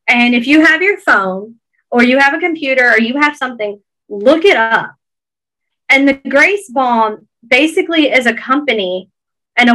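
A woman's voice: fairly high pitch, pushed and bright, rough recording. A woman with a Georgia Southern accent, earnestly encouraging listeners in a casual podcast chat.

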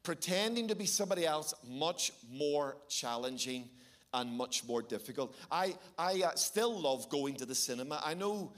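A middle-aged Irish man preaching a sermon, telling stories with animated, sometimes shouted bursts. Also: fairly high pitch, moderate pace. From Ireland. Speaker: pastor.

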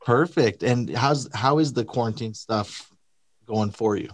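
A man's voice: medium pitch, a little slow, dry recording. A man hosting an interview, asking short friendly questions with the odd "uh". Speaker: interview host.

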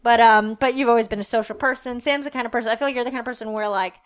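A woman's voice: fairly high pitch, fairly even intonation, racing. A woman hosting a podcast, chatting casually and laughing often at herself. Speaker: podcast host. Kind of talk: casual chat.

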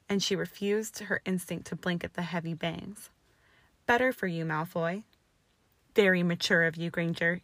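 Lady reading fanfic out loud, expressive, kinda low, no room echo. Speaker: narrator. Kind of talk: fan fiction reading.

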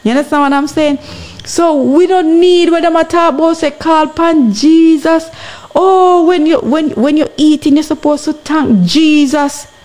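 A woman with a Jamaican accent talks as a podcast guest, urging her listeners on. Her voice sits a little on the high side, and she keeps stopping to ask whether they understand. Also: normal speed, a little mellow. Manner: earnest, exhorting, often asks "you understand". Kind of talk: impassioned podcast commentary.

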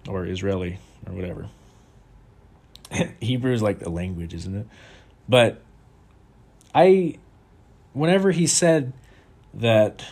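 A man with a fairly low voice talks through a candid personal monologue. He sounds reflective and confessional. He restarts his thoughts often and swears casually along the way. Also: a little mellow. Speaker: vlogger.

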